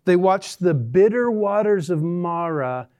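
A man's voice: high-pitched, lively intonation, unhurried, a little mellow, smooth. A man preaching a sermon as a pastor in a church, conversational and dryly sarcastic. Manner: conversational, dry sarcastic humor.

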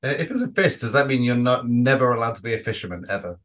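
A man's voice: medium pitch, expressive, fast talker, a bit bright. A man co-hosting a casual podcast chat, rambling with frequent restarts and some swearing. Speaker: podcast co-host.

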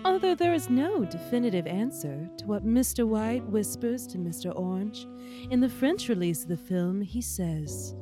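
A woman's voice: medium pitch, very animated, moderate pace, over music. A woman co-hosting a podcast in casual banter who laughs often. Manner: giggly, frequent laughter. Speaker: podcast co-host.

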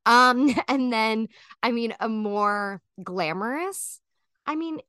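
A woman's voice: fairly high pitch, slow, pushed and bright, smooth, no echo, studio quality. A woman in her thirties, a guest chatting casually in an interview, rambling with lots of fillers and restarts.

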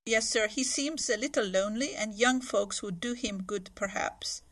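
A woman's voice: medium pitch, moderate pace, a bit bright, close to an everyday voice. A woman reading a blunt, spirited teenage girl who answers an old man politely and eagerly. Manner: polite and eager, saying sir. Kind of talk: audiobook character voice.

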